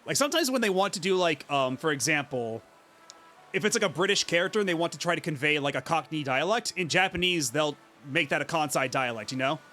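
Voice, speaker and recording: A man's voice: a little high, expressive, quick pace, pushed and bright, a little hiss or hum. A man streaming a game, chatting casually in a rambling, filler-heavy way. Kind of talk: casual gaming commentary.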